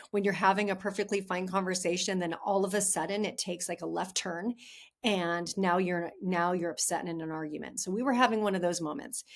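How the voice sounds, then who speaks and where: A woman hosting a podcast, giving relationship advice in a chatty, candid way and talking straight to her listeners. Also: mid-range voice. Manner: chatty and candid, addresses listeners as "you guys". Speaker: podcast host, relationship coach. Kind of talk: casual advice monologue.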